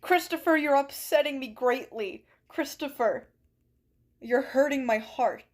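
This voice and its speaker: High-voiced woman streamer, playfully dramatic. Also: slow. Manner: playful, mock-dramatic protests. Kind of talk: live-stream chat while gaming. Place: bedroom at home.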